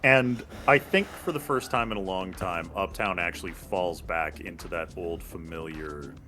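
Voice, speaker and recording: A man's voice: sits low, moderate pace, bright, forceful tone, faint music behind. A man playing a tabletop role-playing game, casually describing what his character does, with some swearing. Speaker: player.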